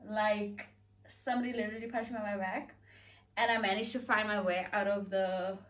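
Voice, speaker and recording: A woman's voice: mid-range voice, moderate pace. A young woman telling a storytime on her vlog, chatty and dramatic. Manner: dramatic, chatty, animated retelling with acted quotes. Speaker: beauty vlogger. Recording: voice a bit far from the mic.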